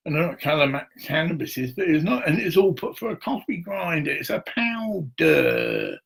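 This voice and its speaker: A man vents to his camera on a live stream, aggrieved and swearing freely. His voice is gravelly and husky, and it sits somewhat higher than most men's. He wanders from point to point, stopping to read viewer comments. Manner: profane, aggrieved, restless. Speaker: livestreamer. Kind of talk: rambling live-stream monologue.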